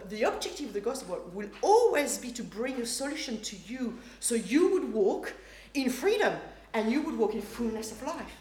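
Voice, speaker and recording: A middle-aged woman preaching a sermon, telling stories animatedly and acting out voices. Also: a little high. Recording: roomy hall with faint noise.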